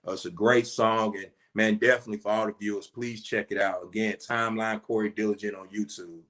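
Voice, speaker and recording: Earnest heartfelt rapper from Atlanta. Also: male voice, fairly low pitch, steady tone, a little fast, fairly bright tone. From Atlanta, USA. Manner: earnest, heartfelt, peppered with "man" and "you know". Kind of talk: interview guest telling a story.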